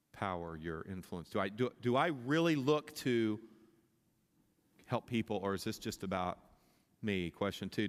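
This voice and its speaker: Casting: male pastor, lowish voice, passionate sermon delivery, long church-hall reverb. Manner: impassioned, rising in pitch and volume at climaxes, many restarts. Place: church sanctuary.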